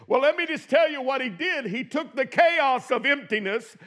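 Male pastor, very high voice, emphatic sermon delivery with loud and soft swings. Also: animated, normal speed. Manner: emphatic preaching, swings between shouting and quiet asides.

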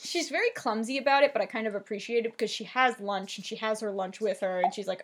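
A woman's voice: fairly high pitch, fast, few pauses, slightly rough. A young woman with a New Jersey accent, co-hosting a casual podcast and recapping a show with lots of fillers. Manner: chatty, many fillers, swears casually. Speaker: podcast co-host.

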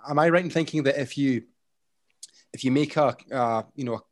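A man's voice: medium pitch, brisk, dry recording. A man hosting an interview, asking long, enthusiastic questions. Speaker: podcast host.

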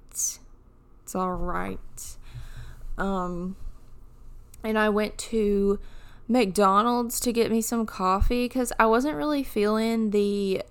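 Slow, smooth-voiced young woman podcaster. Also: mid-range voice. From United States. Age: 20s. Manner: chatty, jokey, wandering tangents. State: groggy morning voice. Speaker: podcast host. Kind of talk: casual solo podcast chat.

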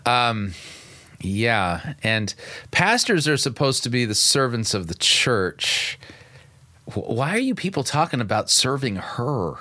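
A man's voice: mid-range voice, sing-song, slow pace, sharp tone, no echo. A man hosting a radio show, giving sarcastic, incredulous commentary on video clips, often stumbling and restarting. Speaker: radio show host and pastor.

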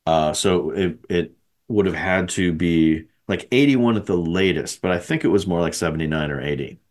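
A man's voice: low voice, moderate pace. A man hosting a podcast in casual chat, rambling and correcting himself with frequent chuckles. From American Midwest. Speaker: podcast host.

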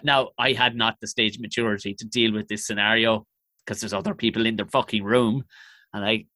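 A man's voice: fairly low pitch, steady tone, fairly quick, sharp tone, dry recording. A young man, telling comic stories in a profane, self-mocking way on a podcast. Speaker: comedian guest. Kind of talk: storytelling podcast chat.

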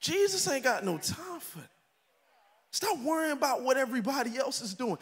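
A middle-aged pastor delivering a sermon, shouting and preaching with comic impressions of his congregation. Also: extremely high pitch, animated, normal speed. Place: large church hall. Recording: echoey church hall with faint ambience.

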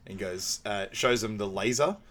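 A man co-hosting a podcast, recapping a film in casual chat, laughing often and bursting into loud, excited quotes of lines. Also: fairly low pitch, moderate pace. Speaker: podcast co-host.

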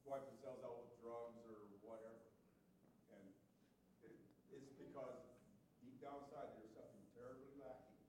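A man's voice: mid-range voice, steady tone, normal speed, long pauses, darkish tone. A man in a study group, speaking in an earnest, conversational way during a casual discussion.

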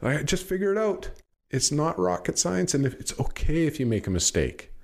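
A middle-aged man, a podcast guest, talking casually, swearing freely and telling stories with lively swings in his voice. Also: normal speed, vocal fry. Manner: swears freely, animated storytelling with big pitch swings. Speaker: podcast guest, business owner. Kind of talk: casual chat.

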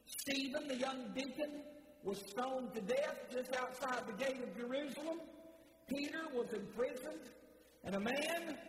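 A man preaching a sermon in a church, fervent and repetitive, often stammering and restarting his words. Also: very high-pitched. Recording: echoey hall with faint noise.

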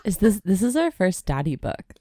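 A woman's voice: medium pitch, very animated, moderate pace, a little mellow, dry recording, studio quality. A woman co-hosting a podcast in casual chat, reacting to the story with gasps and giggles. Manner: reacts with gasps and giggles, drawls when musing. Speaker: podcast co-host.

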